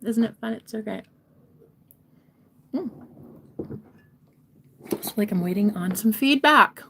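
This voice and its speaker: A young woman giving a casual tarot reading to her viewers, playful and talkative, swinging between loud bursts and soft whispered asides. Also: medium pitch, unhurried, vocal fry, long pauses, background noise. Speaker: tarot reader and streamer.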